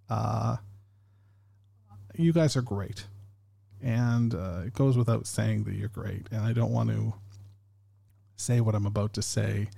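A man's voice: lowish voice, gravelly, mellow, slightly rough. A man hosting a podcast, rambling casually with many fillers and restarts. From Canada. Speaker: podcast host.

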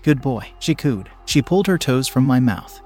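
A man narrating a first-person story in a steady, measured way. His voice sits in an ordinary middle pitch. Faint music plays underneath the reading.

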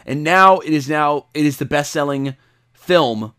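A man co-hosting a casual podcast, talking in a slightly raised voice. He gets excitable and acts out his own loud reactions. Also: a little high, unhurried, clear, resonant tone. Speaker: podcast co-host.

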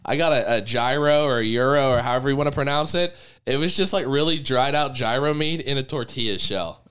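A man in a loose podcast chat, ranting in a dry, profane way about comedy life. He sits at an ordinary middle pitch and talks with a sardonic edge. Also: a little fast, fairly bright tone, clean tone. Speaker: comedian guest. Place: Chicago podcast studio.

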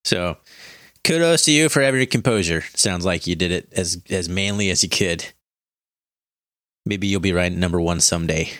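A young man with a fairly low voice hosts a podcast, easygoing and quick to laugh. He sounds close and dry on his mic, with no room around him. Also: dry recording. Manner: relaxed, joking, laughs often. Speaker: podcast co-host. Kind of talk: casual chat.

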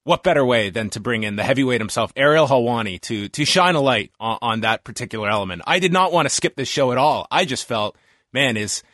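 A podcast host chats casually and enthusiastically with his guest in an interview. His medium-pitched voice is animated, fairly quick, and fairly bright, captured with clean studio sound and no echo.

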